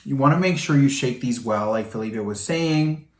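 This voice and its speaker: Male makeup vlogger, campy and expressive, mid-pitched, recorded in a roomy space. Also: normal speed. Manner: animated and campy, swooping pitch, calls people girl and honey. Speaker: makeup vlogger demonstrating products. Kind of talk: casual chat while doing makeup. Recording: echoey room.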